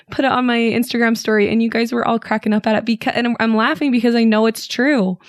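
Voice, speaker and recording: A woman with a Utah accent hosting a podcast in a chatty, self-deprecating way, her voice a little hoarse and raspy. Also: fairly high pitch, fairly even intonation, brisk, few pauses, no echo, studio quality. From Utah, USA. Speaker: podcast host. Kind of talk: casual podcast chat.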